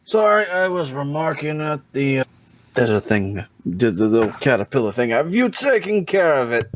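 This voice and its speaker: A man's voice: medium pitch, big pitch swings, moderate pace, a little hiss or hum. A man playing a tabletop game on a voice call, rambling and stopping himself mid-thought. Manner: rambling, self-interrupting. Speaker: player. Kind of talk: casual tabletop chat.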